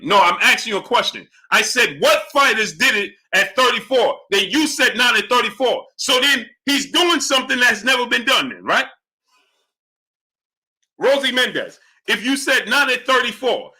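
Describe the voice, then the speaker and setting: Speaking at a normal pace in an animated voice, a boxing show host works through super chats on his live stream. He's argumentative, pressing viewers again and again for a yes or no, and says hello to chatters in a quiet, low aside.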